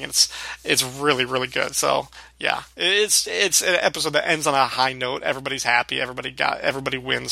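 A man's voice: mid-range voice, gravelly, sharp tone, no echo. A man co-hosting a casual podcast, recapping a sitcom episode, acting out lines and laughing often. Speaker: podcast co-host.

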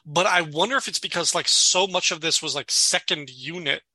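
A man with a fairly high, very bright voice chats through a sitcom episode on a casual podcast. He laughs often and slips into acted quotes. The sound is close and dry. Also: normal speed, breathy edge, no room sound, rough recording. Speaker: podcast co-host.

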